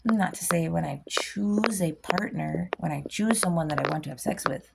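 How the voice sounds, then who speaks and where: A woman vlogger with a rough, gravelly low voice delivers a blunt, impassioned spiritual rant. She jumps from loud exclamations to hushed whispers. Steady noise sits behind her voice. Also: moderate pace. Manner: blunt, animated, swings from loud bursts to whispers.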